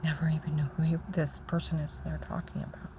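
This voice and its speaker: A woman telling a long, rambling, agitated story about her own grievances, repeating herself and acting out other people's shouting. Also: low-pitched, level tone, fast, noisy background. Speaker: storyteller recounting personal grievances. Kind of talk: rambling personal monologue.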